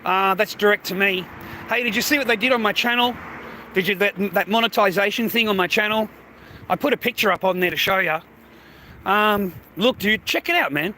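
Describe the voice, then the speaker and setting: A man's voice: high-pitched, a little fast, pushed and bright. A man live streaming on a phone while he walks down a city street, talking in a blunt, profane, rambling way. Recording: faint street noise.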